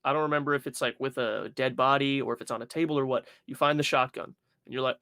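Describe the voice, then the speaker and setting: A man's voice: mid-range voice, fast, hardly any pauses, fairly bright tone, no echo, clean studio sound. A young man co-hosting a podcast, telling stories with lots of swearing and acting out his own reactions. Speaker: podcast co-host. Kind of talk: casual chat.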